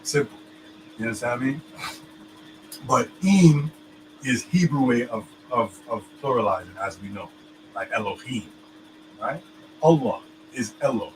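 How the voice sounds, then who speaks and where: A man's voice: medium pitch, lively intonation, unhurried, pauses often, noisy background. A man explaining things in casual chat, loose and full of fillers, often checking that his listener understands.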